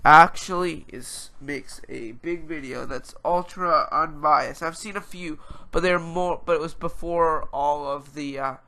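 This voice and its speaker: A man with a congested, stuffed-up nose rants on his podcast. His voice sits a little high and sounds bright and tense. He rambles in exasperated bursts. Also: creaky. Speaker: podcast host. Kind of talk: casual ranting commentary.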